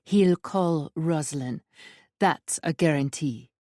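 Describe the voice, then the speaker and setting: A woman's voice: low-pitched, slow, a little mellow, dry recording, clean studio sound. A woman voicing an urgent, hissing woman. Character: urgent, sharp-tongued woman, sister of a crime boss.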